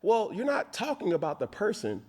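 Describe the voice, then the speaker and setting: Emphatic man with lively pitch. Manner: emphatic, deliberate, addresses people directly. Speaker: show host. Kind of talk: sports talk show commentary.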